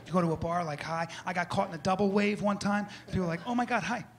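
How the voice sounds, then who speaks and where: A man's voice: high voice, steady tone, quick pace. A man doing a stand-up comedy set on stage, brash and mock-instructional, acting out his bits for a laughing audience. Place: stage before a live audience. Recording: roomy live venue with crowd noise.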